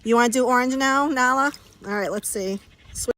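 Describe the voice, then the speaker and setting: A woman's voice: high-pitched, moderate pace, fairly bright tone. A woman chatting casually on a livestream from her backyard pool, laughing often and talking to her dogs.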